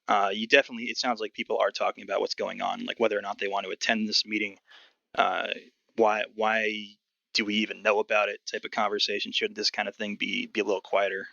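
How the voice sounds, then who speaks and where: A man running a tabletop game, describing scenes in a relaxed, filler-heavy way. His voice is gravelly and bright. The sound is dry and dull, lo-fi. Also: lowish voice, no room sound. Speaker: game master.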